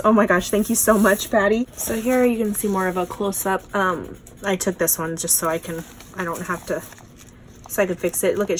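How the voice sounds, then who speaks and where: A woman's voice: mid-range voice, slight background noise. Gushing young woman showing off crafts. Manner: gushing, excitable, lots of "oh my gosh" and "you guys". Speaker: craft channel host. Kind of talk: casual unboxing show-and-tell.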